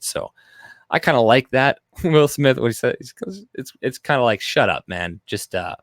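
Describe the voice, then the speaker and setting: A man's voice: fairly low pitch, no room sound, studio quality. A man hosting a live stream, rambling loosely through chat messages with crude, off-color jokes. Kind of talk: casual live-stream commentary.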